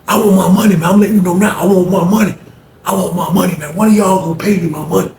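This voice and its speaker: Man putting on a loud, pushy old inmate. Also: high voice, fairly even intonation, quick pace, gravelly, voice pushed up. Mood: demanding. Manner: loud, insistent, repeats himself. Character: aggressive older male inmate demanding money. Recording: echoey room, faint noise.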